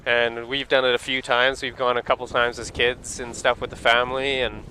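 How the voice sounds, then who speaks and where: A man's voice: mid-range voice, flat delivery, normal speed, sharp tone, poor audio. Easygoing Canadian man on a boat. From Alberta, Canada. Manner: easygoing, rambling, laid-back. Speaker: boat operator on a live wildlife stream. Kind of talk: casual chat. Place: open boat on the water, outdoors. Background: wind and boat engine.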